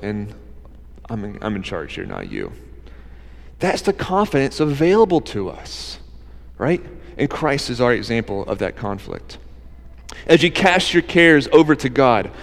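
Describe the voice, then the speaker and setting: Speaking in a large hall, a high-voiced pastor delivers an earnest, conversational sermon to his church and asks the listeners rhetorical questions.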